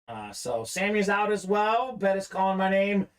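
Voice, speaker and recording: A man's voice: high voice, very animated, normal speed. A young man hosting a live card-break stream, chatting casually and reading viewer comments aloud.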